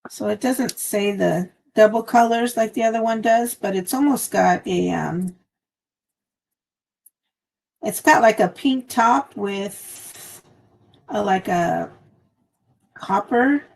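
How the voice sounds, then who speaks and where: A woman's voice: mid-range voice, slow pace, gravelly, long pauses. A woman hosting a casual craft live stream from home, chatting in a meandering way with lots of fillers, recorded on a phone. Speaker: craft channel host.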